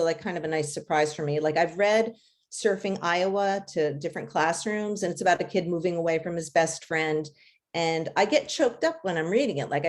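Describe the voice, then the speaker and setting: A woman who writes for children talks casually through interview questions, laughing lightly and using many fillers. Her pitch is fairly low, with a slightly mellow quality.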